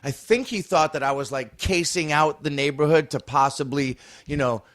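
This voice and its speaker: A man's voice: on the high side, normal speed, a bit bright, no room sound. A man as a podcast guest, telling a long story in a rambling, casual way, swearing and restarting his sentences.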